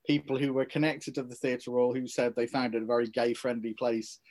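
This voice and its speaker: A man with a mid-pitched voice shares history in a relaxed podcast chat. He is unhurried and easygoing, often hesitating on "uh" and "you know" as he spins his anecdotes. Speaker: local historian and podcast co-host. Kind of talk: casual podcast storytelling.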